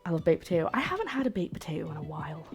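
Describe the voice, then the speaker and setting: A woman's voice: low-pitched, sing-song, very fast, soft background music. A woman from Scotland chatting casually and cracking jokes as she cooks on a live stream. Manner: chatty, joking, rambling asides. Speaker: cooking streamer. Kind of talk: casual live-stream chat while cooking. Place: home kitchen.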